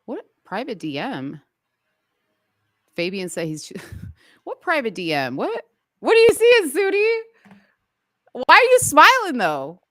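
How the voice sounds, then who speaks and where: A woman's voice: sits high, wildly swooping pitch, slow, pauses often, fairly bright tone, dry recording, clean studio sound. A woman in her forties co-hosting a live talk show, teasing and laughing often. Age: 40s. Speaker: co-host. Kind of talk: casual live-show banter.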